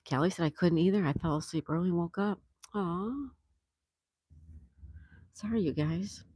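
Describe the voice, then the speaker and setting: Low-voiced woman hosting a casual livestream. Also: moderate pace, dark tone, breathy edge, no echo. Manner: reads viewer comments aloud, chatty and affectionate. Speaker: livestream host.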